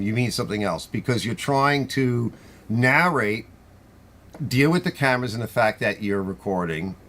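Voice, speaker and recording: A middle-aged man with a New York accent rambles through a relaxed live-stream chat, reading out viewer comments as he goes. His voice sits fairly low, and his talk wanders with lots of restarts and asides. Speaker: host of a garage channel live stream.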